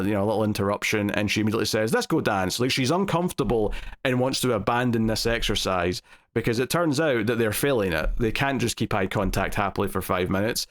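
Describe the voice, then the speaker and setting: A man giving a casual spoken review of a TV episode. He rambles, with many fillers and restarts. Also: on the low side.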